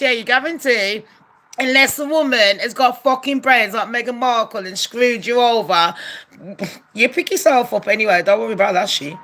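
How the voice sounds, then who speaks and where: A woman's voice: on the high side, pushed and bright. A woman ranting bluntly to camera, heated and profane, firing rhetorical questions. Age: adult. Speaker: commentary vlogger. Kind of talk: opinionated rant to camera.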